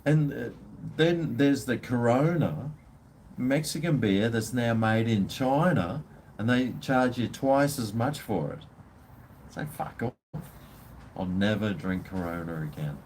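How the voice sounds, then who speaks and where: Rambling, blunt Australian man, slow talker. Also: medium pitch, a little mellow, a little hiss or hum. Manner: rambling, blunt, swears freely. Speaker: live-stream host. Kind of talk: casual live-stream chat.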